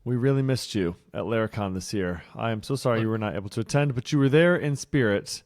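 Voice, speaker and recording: A man's voice: on the low side, fast talker, a little mellow. A man co-hosting a podcast in casual chat, upbeat and chatty, laughing easily. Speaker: podcast co-host.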